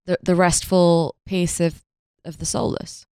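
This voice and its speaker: A woman co-hosting a podcast in casual comedic chat, quick and playful, laughing mid-sentence. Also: on the low side, flat delivery, warm tone, clean tone, no echo, clean studio sound. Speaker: podcast co-host.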